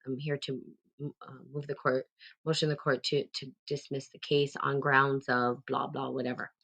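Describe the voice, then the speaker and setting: A woman hosting a casual talk, rambling along with many fillers and restarts, turning animated as she retells a story. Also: very deep voice, normal speed, gravelly. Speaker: host.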